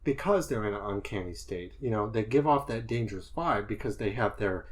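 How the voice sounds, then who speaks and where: A man's voice: fairly low pitch, lively intonation, a little fast. A man co-hosting a podcast, thinking aloud as he analyzes horror films in a casual discussion. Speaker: podcast co-host.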